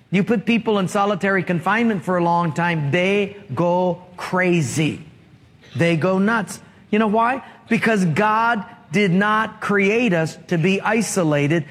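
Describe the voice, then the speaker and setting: A man preaching a sermon as pastor, telling stories with humor and acting out the voices in them. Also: high voice. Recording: reverberant hall.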